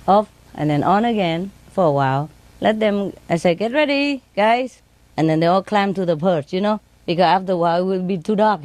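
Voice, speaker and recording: A woman speaking English with non-native grammar, telling laughing stories about her birds and mimicking them in a high voice. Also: dark tone. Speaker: bird owner telling stories. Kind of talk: casual storytelling.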